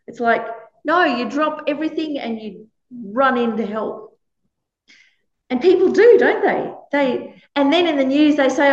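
A woman speaks in a fairly high voice, giving an earnest dharma talk with animated, chatty asides. The recording is roomy and echoey, with a dull, lo-fi tone. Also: a little slow. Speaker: Buddhist teacher.

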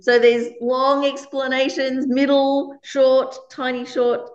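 A woman's voice: high voice, level tone, slow, roomy sound, muffled recording. A woman giving a conversational dharma talk as a meditation teacher. She laughs often while she teaches.

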